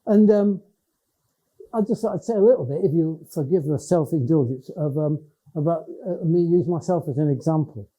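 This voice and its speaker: Through a dull lo-fi recording, an older education professor with a Cumbrian accent from the Lake District delivers a public talk at normal speed in a fairly high, mellow voice. He's conversational, often restarting his sentences and hesitating.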